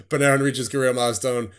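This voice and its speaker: Young man, gaming commentary, quick bursts of scores, mid-range voice, tired voice, keyboard clicks behind. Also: mid-range voice, a bit bright, smooth. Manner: rattles off scores in quick bursts, then laughs at himself. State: voice getting tired. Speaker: gaming streamer. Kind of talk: casual game commentary.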